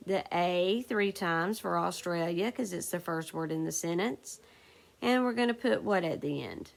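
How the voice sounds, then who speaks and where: A woman's voice: on the low side, gravelly. A woman teacher leading a recorded phonics lesson for second graders, patiently asking the class questions and answering them herself.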